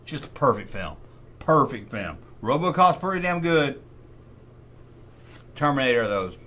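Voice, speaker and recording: This middle-aged livestream host has a medium-pitched, unhurried voice and keeps things casual. Animated and full of opinions, he talks himself through each decision.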